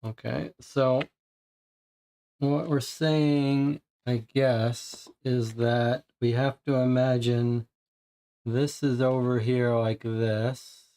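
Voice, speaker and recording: Man, live streamer, slow speech, thinking aloud, frustrated muttering. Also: medium pitch, little pitch movement, warm tone, smooth. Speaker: streamer playing a puzzle game.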